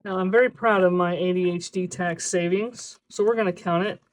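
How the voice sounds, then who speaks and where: A budgeting video creator in a casual vlog, talking to themself while counting cash aloud, sometimes slipping into a drawn-out sing-song cadence. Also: medium pitch, fairly even intonation. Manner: chatty self-talk, counting money aloud.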